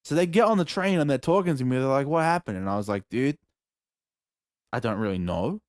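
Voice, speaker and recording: A young Australian man, a podcast host, telling a story in casual chat, animated and profane, acting out moments with yelps. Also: medium pitch, brisk, dry recording, studio quality. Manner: animated, profane, acts out scenes with yelps and shouts.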